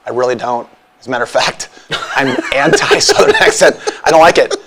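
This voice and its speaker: Midwest guy teasing his cohost, swoopy animated voice, storytelling. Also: medium pitch, fairly quick, very noisy. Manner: teasing storyteller, acts out other people's voices. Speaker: podcast co-host. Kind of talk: casual banter.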